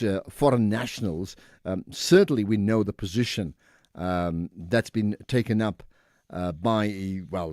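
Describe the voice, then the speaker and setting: A man's voice: lowish voice, darkish tone, no echo, studio quality. A man hosting a call-in radio show, talking casually and pushing back on callers. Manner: conversational, rebuts callers directly. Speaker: radio talk show host. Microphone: studio microphone.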